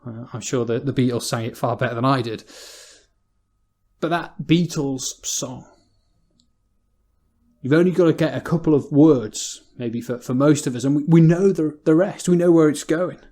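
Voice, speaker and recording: A man's voice: on the high side, moderate pace, warm tone. An English man preaching a sermon in a church, talking in a conversational way and often repeating words as he goes.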